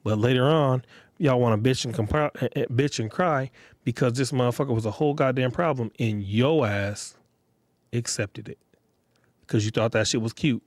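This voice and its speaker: Blunt, crude, and slangy, a man holds forth on his own podcast at a moderate pace in a mid-range voice, becoming animated as he plays other people. The recording is clean and studio-like, with no echo.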